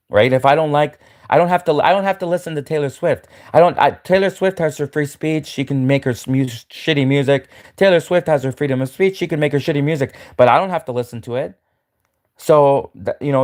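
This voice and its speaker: A man's voice: mid-range voice, darkish tone. A man giving a repetitive, mocking rant to camera in a livestream, full of stammers and restarts. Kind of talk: ranting monologue to camera.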